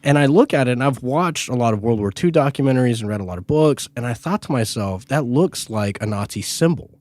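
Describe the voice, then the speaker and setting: A man co-hosting a podcast, telling a story in a casual, animated and self-deprecating way, swearing freely. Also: medium pitch, fast talker, no echo. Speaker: podcast co-host.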